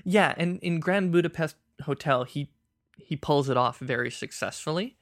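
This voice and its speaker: A man's voice: a little high, normal speed, a bit bright, dry recording, studio quality. A man co-hosting a casual film podcast, thoughtful and searching for words with frequent restarts. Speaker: podcast co-host.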